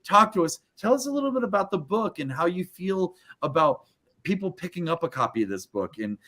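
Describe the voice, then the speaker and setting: Guy hosting a book launch on a video call, kinda high voice, super hyped, rambles and jokes around. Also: very animated, fairly quick, pushed and bright. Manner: exuberant, rambling, jokey, with frequent restarts. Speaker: host of an online book launch.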